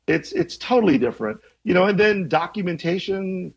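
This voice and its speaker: A husky, gravelly-voiced man in his fifties answers as an interview guest. He teaches journalism and talks in a thoughtful, rambling way, restarting sentences and chuckling now and then. The audio sounds dull and lo-fi. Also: sits high, expressive, normal speed. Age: 50s. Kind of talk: conversational interview.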